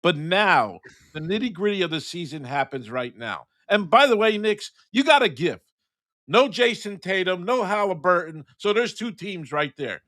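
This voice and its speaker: A man's voice: high voice, big pitch swings, normal speed, fairly bright tone, no echo, clean studio sound. Blunt slangy man on a sports rant. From New York. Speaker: sports show co-host. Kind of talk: ranting sports opinion.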